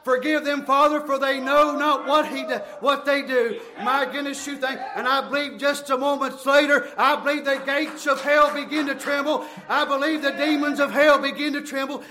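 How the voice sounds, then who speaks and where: A man preaching a fervent sermon, shouting in bursts and running out of breath. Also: very high-pitched, fairly even intonation, moderate pace, few pauses.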